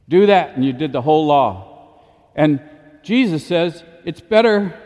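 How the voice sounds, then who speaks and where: Lively priest giving a homily. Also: male voice, on the high side, long reverb tail. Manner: lively and informal, with frequent chuckles. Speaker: Catholic priest. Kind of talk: daily homily. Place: church.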